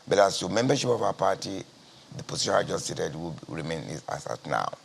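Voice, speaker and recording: Gravelly Nigerian man, measured and guarded. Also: sits low, expressive, a little hiss or hum. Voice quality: gravelly, husky. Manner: measured and deliberate, repeats key phrases. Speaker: party spokesman. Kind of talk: guarded TV news interview answers.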